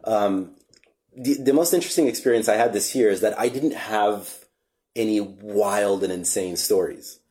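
A man's voice: on the low side, moderate pace, mellow. A man hosting a podcast, talking in a reflective, casual way and swearing now and then. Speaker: podcast host. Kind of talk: casual chat.

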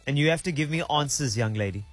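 A man's voice: on the high side, lively intonation, fast, faint music behind. A man hosting a radio call-in, teasing and gushing over his caller. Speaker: radio host.

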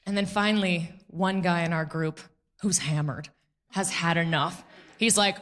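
A woman's voice: on the high side, measured pace, pauses often. A woman performing a stand-up comedy set, chatty and sarcastic, often laughing at her own jokes. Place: comedy club stage before a live audience.

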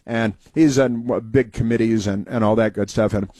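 A man's voice: on the low side, fairly even intonation, moderate pace, mellow, no room sound. A man hosting a casual talk show, rambling through anecdotes and mocking political commentary. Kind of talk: casual talk radio monologue.

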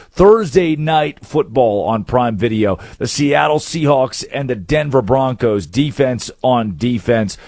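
A man's voice: mid-range voice, darkish tone, no room sound, studio quality. A man hosting a sports talk show, chatty and steering the segment, tossing questions to his co-host. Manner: chatty, leads the segment, quotes people in a mock voice.

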